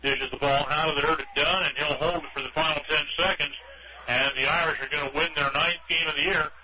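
A man doing play-by-play commentary of a high school basketball game for radio, in a brisk running style. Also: fairly even intonation. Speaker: play-by-play announcer. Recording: tinny lo-fi radio broadcast with noise.

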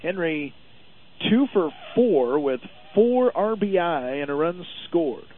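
Male baseball announcer, slightly high, steady and informative, tinny narrow radio sound. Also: slow pace, husky. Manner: steady, informative, stat-heavy. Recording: narrow phone-like radio audio.

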